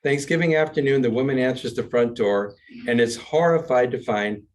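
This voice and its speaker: An older man teaching as a rabbi, chanting a warm-up and then telling jokes in a wry storyteller's way. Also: medium pitch, moderate pace, slight background noise. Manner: wry storyteller, chuckles at his own jokes. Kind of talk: class talk with joke-telling and chanting.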